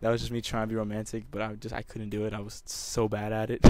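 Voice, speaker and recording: A man's voice: on the low side, monotone, fairly quick, darkish tone. A young man telling a personal story over gameplay commentary, emotional and rambling, with many restarts. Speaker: gamer.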